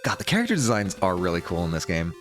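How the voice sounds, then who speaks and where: A man's voice: sits low, very animated, fast, fairly bright tone. A man streaming a video game live, chatting with his audience in a self-deprecating way that often breaks into laughter. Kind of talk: live gameplay narration and chat. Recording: game music underneath.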